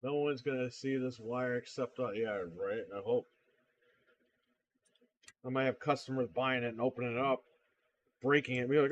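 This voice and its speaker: A man's voice: medium pitch, steady tone, normal speed, pauses often, lo-fi sound. A man hosting a casual livestream, telling blunt, profane, exasperated stories about customers. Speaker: livestream host and console repair seller.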